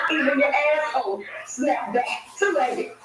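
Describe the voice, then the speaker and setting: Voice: high-pitched, a little slow. Someone going off in a mocking, cussing rant, sounds far from the mic in a super echoey room with a lot of noise behind. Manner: taunting, mocking, repeated insults; swings between mutters and shouts. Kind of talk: profane insulting rant. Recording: very echoey, distant, noisy.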